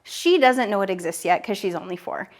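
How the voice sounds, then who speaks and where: A woman's voice: mid-range voice, animated, fairly quick. Upbeat woman in her thirties teaching. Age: 30s. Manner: upbeat, direct, talks straight to the viewer. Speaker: online business educator. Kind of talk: direct-to-camera teaching video.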